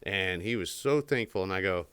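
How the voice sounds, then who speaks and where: Low-voiced man telling a rambling story. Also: expressive, normal speed, fairly bright tone, smooth, no echo. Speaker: podcast co-host. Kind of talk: casual chat.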